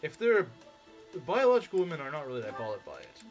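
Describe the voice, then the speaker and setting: A male streamer in casual game chat, answering chat comments in an argumentative way. His voice sits a bit high and swings widely in pitch, with soft game music under it. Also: sing-song, quick pace.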